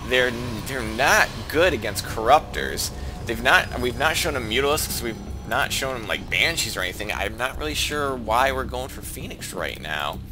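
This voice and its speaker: A man's voice: mid-range voice, animated, moderate pace, music in the background. Man commentating his own strategy game. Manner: thinks aloud with frequent restarts, voice lifting when fights break out. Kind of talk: casual play-by-play game commentary.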